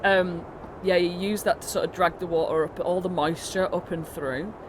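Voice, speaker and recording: A woman's voice: lowish voice, steady tone, normal speed, slight background noise. A British woman narrating as the dungeon master of a tabletop game, rambling through descriptions with many fillers and restarts. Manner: meandering, full of fillers and restarts.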